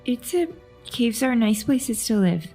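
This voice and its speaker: A woman's voice: on the high side, expressive, a little slow, soft background music. A woman voicing a timid, hesitant little girl. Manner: hesitant, soft-spoken.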